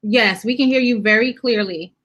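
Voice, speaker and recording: Husky woman, candid and direct. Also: a little high, moderate pace, a bit bright, low-quality recording. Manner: candid and direct, agrees with short "facts" and "absolutely". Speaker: show host. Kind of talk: casual chat.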